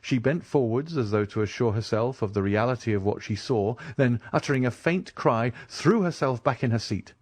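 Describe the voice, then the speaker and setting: A man reads a classic novel aloud, his narration expressive with a lively, wide-ranging pitch. The recording is close and dry, with no room sound. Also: moderate pace, few pauses, no room sound. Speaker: audiobook narrator. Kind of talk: audiobook narration.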